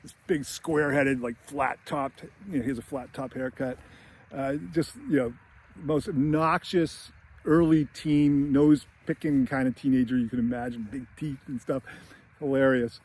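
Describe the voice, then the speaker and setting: A man's voice: mid-range voice, steady tone, moderate pace, darkish tone. A man giving a casual, rambling film analysis with many fillers and chuckles. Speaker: screenwriting commentator.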